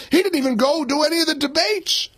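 A man's voice: very high voice, brisk, fairly bright tone, no room sound. A man in his sixties hosting a talk radio show, speaking emphatically and repeating points for punch. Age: 60s. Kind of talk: opinionated political talk radio.

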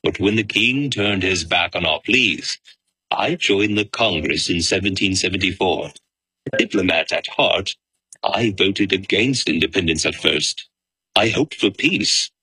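Brief: man as a cautious founding lawyer, deep bright voice, dignified. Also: a little slow, slightly rough, no echo, full character voice, poor audio. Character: cautious lawyer-legislator, diplomatic older man. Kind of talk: first-person historical monologue.

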